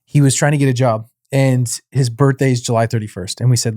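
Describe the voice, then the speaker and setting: A middle-aged man co-hosting a casual faith podcast, telling a family story with lively acted-out dialogue and frequent laughs. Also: mid-range voice, a little fast, no echo, clean studio sound. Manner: animated storyteller, acts out dialogue, laughs often. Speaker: podcast co-host.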